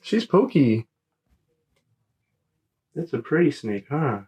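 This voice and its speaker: A parent using gentle, coaxing baby talk to a small child, repeating words slowly and reassuring the child. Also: mid-range voice, sing-song, husky. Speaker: parent showing animals to a toddler.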